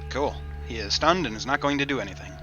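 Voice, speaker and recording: A man narrating as game master of a tabletop game, easygoing and casual, with many pauses. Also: mid-range voice, sharp tone, highs cut off, soft background music. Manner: easygoing, casual, says "uh" often.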